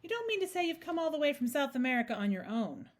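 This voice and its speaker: A woman doing an excitable, kindly storybook mother. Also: normal speed. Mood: excited. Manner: high, exclaiming and animated.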